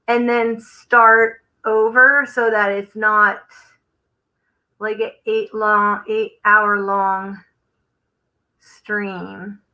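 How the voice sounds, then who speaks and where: Her voice is on the high side, pushed and bright, as she hosts a live crafting stream, chatting casually and thinking aloud while working until she trails off. The audio is poor.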